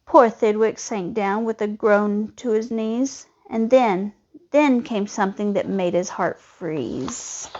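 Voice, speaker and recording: A woman reading a children's storybook aloud in a lively, expressive way. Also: medium pitch, takes it slowly. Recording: dull lo-fi recording.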